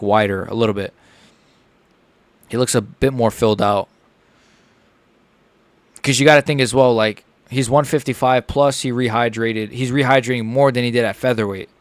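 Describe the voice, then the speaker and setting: Male streamer, casual excitable fight reactions, mid pitch, dry close-mic sound. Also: moderate pace, dry recording. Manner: chatty, excitable, lots of "like" and "bro". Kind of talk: casual live reaction commentary.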